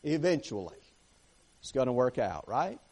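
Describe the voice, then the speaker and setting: A man's voice: mid-range voice, very animated, moderate pace, darkish tone, breathy edge. A man preaching a sermon as pastor, emphatic and repetitive, often checking in with the congregation. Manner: emphatic, repeats phrases, asks "right?" and "amen?" of the congregation.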